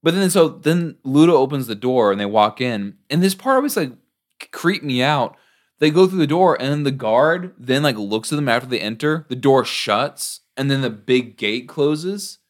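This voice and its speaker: A man chatting casually on a podcast, his voice rising and falling with a lot of movement around a middle pitch. He rambles through a story, leaning on filler words and half-finished thoughts. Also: animated, moderate pace. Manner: rambling scene recap, heavy filler words.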